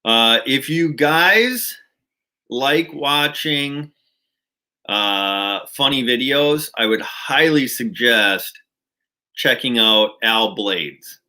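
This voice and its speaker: A man's voice: medium pitch, lively intonation, drawn-out words, bright, forceful tone. A man from Minnesota with a Minnesotan accent, hosting a casual livestream chat and rambling along with many fillers and restarts. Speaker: channel host.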